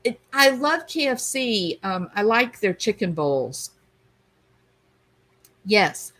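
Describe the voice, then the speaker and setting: A woman's voice: medium pitch, very animated, slow, a bit bright, rough recording. A woman hosting a livestream, chatting casually and reading viewer comments aloud. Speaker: livestream host reading chat. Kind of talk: casual chat.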